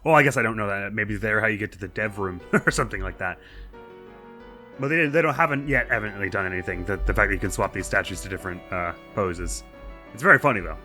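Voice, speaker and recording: A young man with a bright, forceful voice talks through a video game in loose, chatty commentary. He is self-deprecating and laughs often, over faint game music. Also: on the low side, lively intonation, quick pace. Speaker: let's play host. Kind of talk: casual gameplay commentary.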